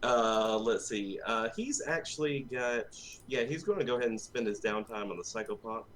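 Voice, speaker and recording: Hoarse man with a Southern drawl. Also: medium pitch, lively intonation, normal speed, a bit bright, slight background noise, rough recording. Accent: American Southern. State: a little hoarse. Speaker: player. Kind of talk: casual chat during a tabletop game.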